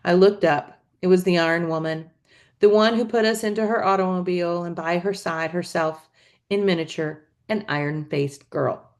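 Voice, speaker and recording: Lady teacher reading a chapter book out loud, lowish voice, expressive, chats in little asides. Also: normal speed. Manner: expressive storytelling, adds asides. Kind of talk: reading a novel aloud.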